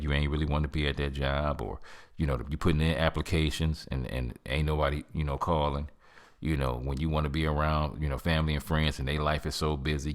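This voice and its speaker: A man hosting a podcast, giving an earnest faith-based motivational talk in casual speech, slowing down to stress key phrases. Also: rumbling low. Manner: earnest, preachy, colloquial with "man" and "fam". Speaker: podcast host.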